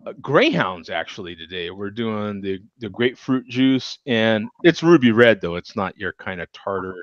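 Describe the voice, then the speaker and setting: A man's voice: fairly low pitch, expressive, normal speed, dry recording, lo-fi sound. A man hosting a casual beer chat show, talking loosely and chuckling as he rambles. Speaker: host.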